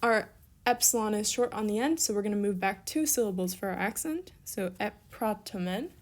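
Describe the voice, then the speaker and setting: In a recorded language lesson, a young woman with a mid-range, darkish-toned voice talks at a moderate pace. She's encouraging and upbeat as she goes through worked examples, correcting herself casually and making offhand asides.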